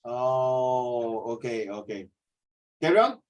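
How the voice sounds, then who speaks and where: A man's voice: medium pitch, animated, slow, poor audio. A middle-aged man with a Singaporean accent, lecturing students in an online class. He is earnest and preachy, and he slips Mandarin phrases into his English. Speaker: teacher.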